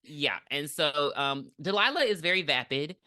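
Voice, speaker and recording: A man co-hosting a podcast, chatting casually about a movie in a laughing, profane, expressive way. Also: a little high, moderate pace, no room sound, clean studio sound. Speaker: podcast co-host. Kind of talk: casual movie review chat.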